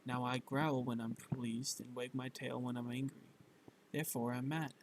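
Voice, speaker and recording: A man reading the part of a grinning, teasing cat in a bedtime story, with a slightly louder, stressed delivery. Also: mid-range voice, flat delivery, moderate pace, background noise, lightly acted.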